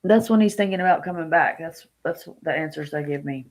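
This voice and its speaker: A woman's voice: low-pitched, fairly quick, a little hiss or hum. A woman reading tarot cards on a casual live stream, chatting with viewers by name and thinking aloud as she lays out the cards. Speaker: tarot reader.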